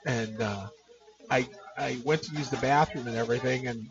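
A man's voice: medium pitch, normal speed, music in the background. A man hosting a podcast, recalling a trip in casual chat. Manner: lively, chiming in with short reactions. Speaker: podcast host. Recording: dull lo-fi audio with crowd noise.

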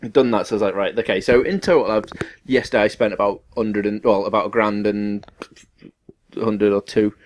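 A man's voice: lowish voice, fairly even intonation, brisk. A man co-hosting a podcast, ranting through a long story in casual chat and swearing freely. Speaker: podcast co-host.

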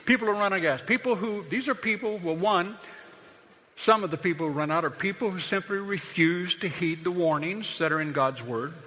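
A man's voice: high-pitched, brisk, sharp tone, long reverb tail. A middle-aged man, a pastor, preaching a sermon in a conversational, storytelling way that builds to emphatic points.

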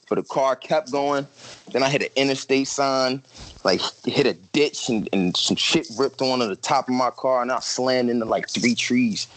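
A man's voice: mid-range voice, normal speed, low-quality recording. A young man on a podcast telling a story in casual, profane slang and acting out his own quotes.

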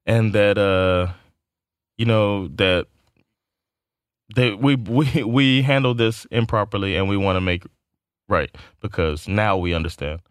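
A man's voice: on the low side, unhurried, pauses often, smooth, dry recording, clean studio sound. A man co-hosting a casual talk show, blunt and frank, laughing often and swearing freely. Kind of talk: casual chat.

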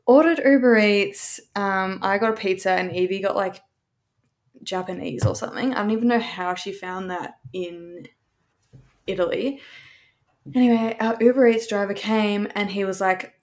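A woman's voice: medium pitch, normal speed, darkish tone. Young Australian woman, mid-range voice, rambling casual storyteller, swears freely. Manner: rambling, chatty, sprinkled with swearing.

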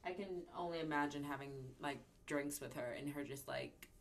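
A woman's voice: deep voice, normal speed. A woman co-hosting a podcast, chatting easily, agreeing and often trailing off mid-sentence. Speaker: podcast co-host. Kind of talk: casual chat.

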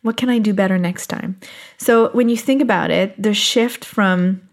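A woman giving a self-help talk to her viewers, gentle and encouraging, who laughs often and slows down on key points. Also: medium pitch.

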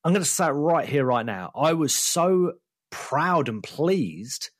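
Lively, husky man chatting. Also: on the high side, measured pace, dry recording, studio quality. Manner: animated, impassioned opinions. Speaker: podcast co-host. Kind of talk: casual chat.

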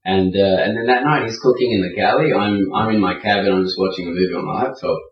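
A guest storyteller with a fairly low voice speaks quickly, recounting a sailing anecdote in a casual, vivid, animated way. The recording sounds roomy, distant and dull.

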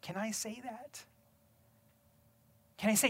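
A man preaching a sermon, building from quiet reflection to loud, emphatic exhortation with rhetorical questions. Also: high voice, measured pace. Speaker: pastor.

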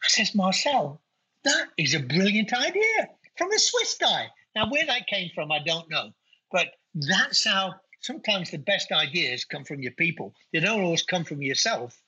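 Middle-aged Nottingham man, guest, chatty and colloquial, very bright voice, lo-fi sound. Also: a little high, lively intonation, normal speed, slightly rough. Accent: Nottingham English. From England. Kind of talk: casual interview chat.

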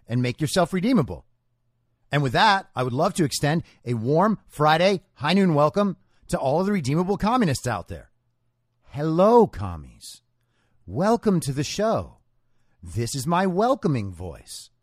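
A man hosting a political talk show, delivering a sarcastic, mocking monologue with drawn-out dramatic pauses. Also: medium pitch, dry recording, studio quality. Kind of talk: scripted political commentary monologue.

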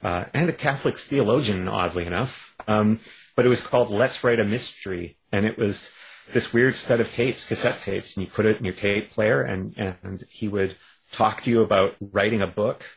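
Man from Canada, guest author, husky gravelly voice, wry self-mocking chat. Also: fairly low pitch, normal speed, low-quality recording. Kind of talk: casual interview chat. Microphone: phone line.

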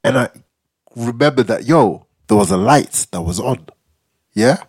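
A man's voice: mid-range voice, big pitch swings, unhurried, gravelly, a little mellow, husky. A young man, co-hosting a podcast and animatedly retelling a story, acting out quotes with slang and tagging lines with "yeah?". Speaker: podcast co-host. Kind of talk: casual storytelling chat.

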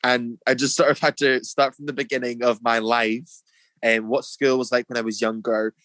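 A young Scottish man, a drag performer appearing as a guest, tells his story casually in an interview, full of fillers and restarts, raising his voice to act out what others said. His mid-range voice is fairly bright, moves little in pitch, and keeps a moderate pace. The recording is dry and close, with little room around it.

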